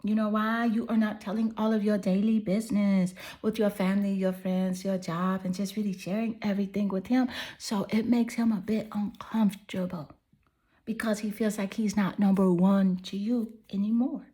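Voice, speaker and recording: Mellow-voiced woman giving a tarot reading. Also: mid-range voice, flat delivery, moderate pace. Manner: soothing, affirming, chatty with "you know" fillers. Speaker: tarot reader. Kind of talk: pick-a-card tarot reading.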